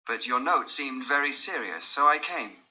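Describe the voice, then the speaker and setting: A man playing a reluctant male scientist, firm and cold in refusal. The voice is raised and bright against a dull, lo-fi recording. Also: medium pitch, lively intonation, normal speed, pitched above the performer's own voice. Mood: reserved. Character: male scientist, stern, shocked, coldly reluctant.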